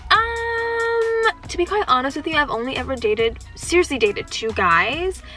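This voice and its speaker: A woman's voice: sits high, animated, measured pace, music in the background. A young woman answering viewer questions in a casual vlog, playful and joking as she chats. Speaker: vlogger.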